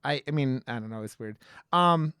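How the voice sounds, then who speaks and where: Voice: mid-range voice, moderate pace, fairly bright tone, clean tone, no echo, studio quality. A podcast co-host in a casual horror movie review chat, rambling with many restarts and casual swearing.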